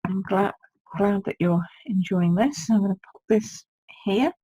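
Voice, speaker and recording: A British woman with a sore throat chats her way through a live-streamed card-making demo, thinking aloud and reading out viewer comments. Her mid-range voice is dark and husky at a measured pace, and the audio is poor.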